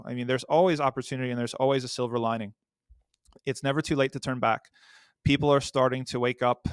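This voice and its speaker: A man speaking as a podcast guest, answering in an earnest, measured way with some fillers. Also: medium pitch, clear, resonant tone, no room sound, clean studio sound.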